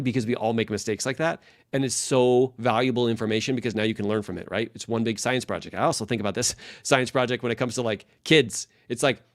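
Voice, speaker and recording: A man in his thirties or forties coaches leaders in a loose, talkative way. He rattles along quickly in a mid-range voice, full of energy, and keeps checking in with little "right?" asides. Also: medium pitch. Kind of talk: casual direct-to-camera talk.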